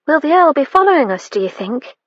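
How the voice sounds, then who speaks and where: An eager young maid with a high, bright voice, earnest and fretful, as a woman narrator puts her on. She blurts out her questions. The storybook read is dry and a little muffled. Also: very animated, fast talker, dry recording.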